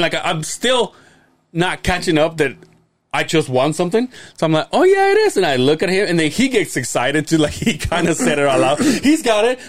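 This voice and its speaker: A man's voice: a little high, no room sound. A man co-hosting a podcast, telling a long rambling story in casual chat, swearing often and acting out what others said. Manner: rambling storyteller, swears a lot, acts out quotes. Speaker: podcast co-host.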